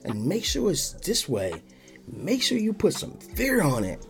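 A squeaky, sing-song office lackey, high and eager to please, as a man mocks him. He rattles off orders in a prissy, obedient lilt. Faint music plays underneath. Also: wildly swooping pitch, measured pace, creaky, full character voice. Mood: mocking.

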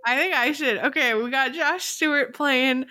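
Young woman co-host, expressive and laughing, bright sound, dry mic. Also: high voice, normal speed, dry recording. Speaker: podcast co-host. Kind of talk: casual chat.

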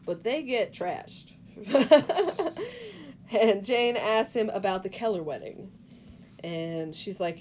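A woman's voice: mid-range voice, lively intonation, takes it slowly, darkish tone, a little hiss or hum. A woman co-hosting a podcast, retelling a film's plot in casual chat and acting out the characters' quoted lines. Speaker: podcast co-host. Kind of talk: casual movie recap.

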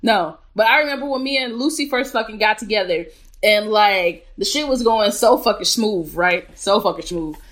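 A woman's voice: mid-range voice, moderate pace, a bit bright. A woman co-hosting a podcast, ranting bluntly and profanely in casual chat with her partner. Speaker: podcast co-host.

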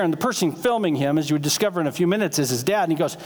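A man preaching a sermon as pastor, telling stories in an animated, conversational way. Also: a little high, rapid-fire. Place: church sanctuary. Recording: long reverb of a church sanctuary.

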